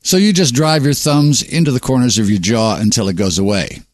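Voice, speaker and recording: A man's voice: mid-range voice, fairly quick, no echo. Male host, sardonic and preachy monologue, dry close-miked sound. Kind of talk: reading a monologue.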